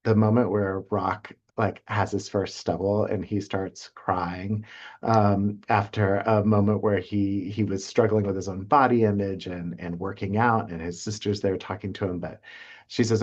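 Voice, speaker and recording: Low-voiced man on a muffled call. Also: fairly even intonation, a little mellow. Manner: halting, many fillers and restarts. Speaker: presenter. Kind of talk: casual panel talk.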